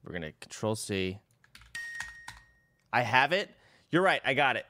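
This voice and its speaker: Lively, rambling young male streamer. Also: medium pitch, measured pace, slight background noise. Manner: rambling, profane, exclaiming. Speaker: livestreamer. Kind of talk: casual stream chatter.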